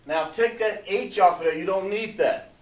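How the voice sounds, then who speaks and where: Echoey teacher drilling pronunciations slowly. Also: male voice, sits high, distant mic. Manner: patient, repeats points, drawn-out slow pronunciations. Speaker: Hebrew language teacher. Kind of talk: live online class teaching. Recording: echoey room, voice away from mic.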